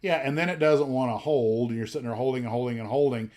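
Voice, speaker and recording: A man's voice: medium pitch, quick pace, a little mellow, slight background noise. A man hosting a casual livestream chat, rambling along with lots of fillers and restarts. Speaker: livestream host.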